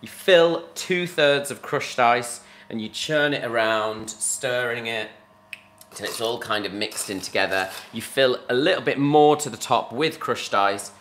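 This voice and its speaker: A man's voice: mid-range voice, unhurried, fairly bright tone, slight background noise. A man guesting on a family podcast, walking through a cocktail recipe in an easygoing, explanatory way in a home kitchen. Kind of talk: casual cocktail demonstration.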